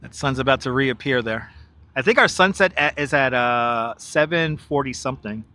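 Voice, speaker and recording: Out by the river in Manhattan, a male streamer narrates his walk live, joking, laughing a lot and chatting to his audience. He speaks in a mid-range, sharp-toned voice at a moderate pace, and the clip-on wireless mic captures no echo.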